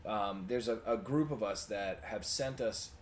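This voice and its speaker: A man's voice: on the low side, a little slow. Profane young man telling stories. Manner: profane, animated storyteller, drops loud for quoted lines. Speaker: podcast co-host. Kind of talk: casual storytelling chat. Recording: amateur podcast audio with faint noise.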